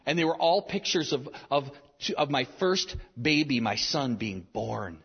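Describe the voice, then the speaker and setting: A man's voice: medium pitch, animated, unhurried, husky. A man in his thirties preaching a sermon as pastor, earnest and repeating phrases for emphasis. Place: large church sanctuary. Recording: reverberant hall, dull lo-fi sound.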